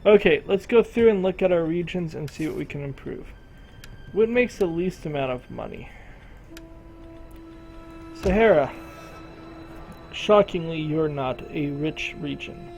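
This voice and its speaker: A man's voice: a little high, expressive, measured pace, vocal fry, long pauses, darkish tone, faint music behind, low-quality recording. A man casually commentating a strategy game, thinking aloud and talking to the game's regions as if they were people. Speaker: gameplay commentator.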